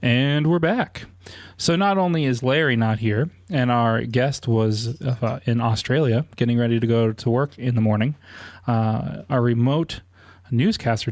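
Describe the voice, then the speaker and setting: A man's voice: mid-range voice, a little mellow, dry recording. A man, hosting a podcast in a rambling casual chat full of filler words. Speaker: podcast host.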